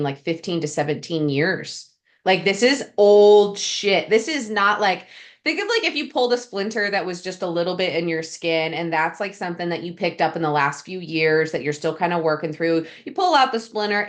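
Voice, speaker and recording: A woman hosting a coaching podcast, enthusiastic and slangy, swearing freely in casual chat. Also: low voice.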